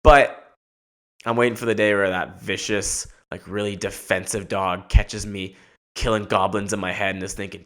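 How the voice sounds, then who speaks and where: A man's voice: lowish voice, flat delivery, moderate pace, a bit bright. A man hosting a podcast, riffing through a rambling comic monologue with casual swearing. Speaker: podcast host.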